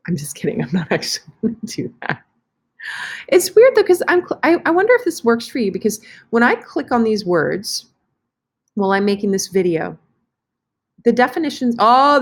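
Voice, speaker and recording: A woman's voice: medium pitch, big pitch swings, normal speed. A woman teacher talking casually through an online lesson on screen, chatty and correcting herself as she clicks around. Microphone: computer mic for screen recording.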